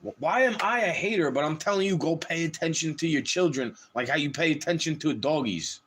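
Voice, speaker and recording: A man with a high voice holds forth on a livestream in a heated, swearing rant. His pitch climbs and plunges widely as he talks, so the delivery sounds restless and agitated throughout. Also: expressive, a little fast, fairly bright tone, slight background noise. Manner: heated, profane, ranting.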